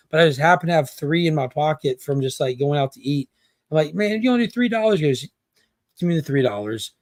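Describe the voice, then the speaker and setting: Guy telling a funny con haggling story, slightly high voice, dry close sound. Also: no echo. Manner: animated, acts out quotes, haggling banter. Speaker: comic collector guest. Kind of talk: casual storytelling chat.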